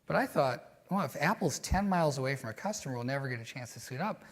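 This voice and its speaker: A man being interviewed, telling stories in a reflective, animated way with many fillers. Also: medium pitch, fast talker. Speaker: guest. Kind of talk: conversational interview storytelling.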